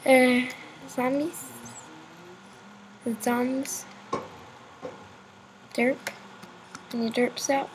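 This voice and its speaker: A woman's voice: high-pitched, flat delivery, extremely slow, long pauses. A young woman giving casual, rambling commentary while playing a game, muttering and joking to herself. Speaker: gamer. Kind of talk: casual let's-play commentary. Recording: home recording with clear background noise.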